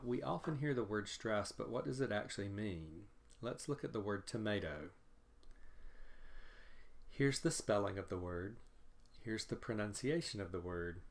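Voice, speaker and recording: A man teaching English pronunciation in a recorded lecture, speaking deliberately and repeating example words. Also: fairly low pitch, vocal fry.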